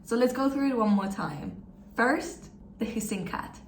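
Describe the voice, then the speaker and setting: A woman takes learners through pronunciation step by step, speaking slowly and patiently. She is encouraging and demonstrates each sound herself before asking them to repeat. Her voice carries an echo from the room, with faint noise behind it. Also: on the high side, expressive. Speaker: German language teacher.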